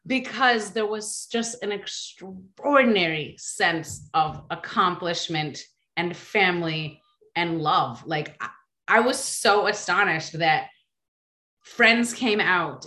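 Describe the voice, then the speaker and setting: A woman telling a personal story in a casual, animated way, with many fillers and restarts. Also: fairly low pitch, a little slow, reverberant.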